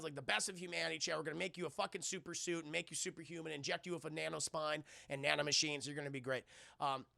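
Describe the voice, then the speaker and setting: Male streamer, bright gravelly voice, animated recap on a dry close mic. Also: on the high side, no room sound. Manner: animated, acts out lines in quick impressions, swears freely. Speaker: streamer reviewing a film. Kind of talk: casual spoiler recap to live chat.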